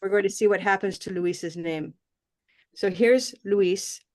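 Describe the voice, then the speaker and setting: A woman teaching English pronunciation in an online class, modelling sounds slowly and clearly and repeating words for students. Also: medium pitch.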